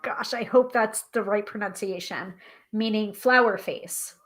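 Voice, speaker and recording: A woman hosting a live tarot stream, chatting casually and reading aloud from a guidebook, self-deprecating and a little halting over hard names. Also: mid-range voice, a bit bright. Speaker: tarot reader and livestream host.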